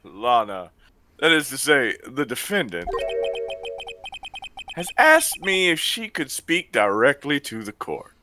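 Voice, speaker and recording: A man's voice: medium pitch, big pitch swings, slow pace, pauses often, music in the background. A man voicing a jovial, chummy middle-aged male police chief in a group game read-through. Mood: serious. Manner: chummy, joking.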